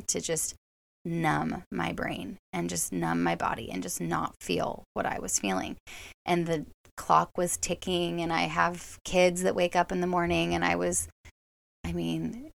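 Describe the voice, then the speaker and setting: Female podcast host, reflective and halting storyteller, lots of vocal fry, dry close sound. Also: on the low side, no echo. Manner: reflective, halting, many fillers and restarts. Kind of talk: personal storytelling.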